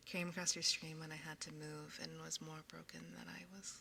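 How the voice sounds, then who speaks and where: A young woman chatting casually with her stream viewers, often dropping into a soft whisper, recorded on a binaural ASMR microphone. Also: low-pitched, little pitch movement, normal speed, vocal fry, long reverb tail, a little hiss or hum.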